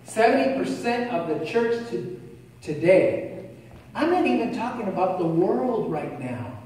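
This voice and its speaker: A preacher delivers a sermon in a church sanctuary, swinging from shouted exhortations to relaxed, chatty storytelling. The voice rings through a long, echoing hall and sits well back from the microphone. A faint hiss runs underneath. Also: medium pitch, unhurried. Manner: animated preaching with sudden shouted bursts; conversational storytelling with asides. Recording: echoey church hall, voice far from the mic.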